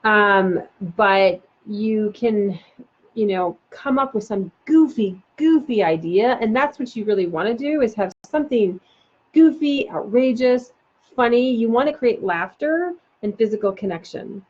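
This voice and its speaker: A woman parenting coach giving a live online talk, animated and chatty with many fillers. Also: a little high, a little slow. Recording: dull lo-fi sound.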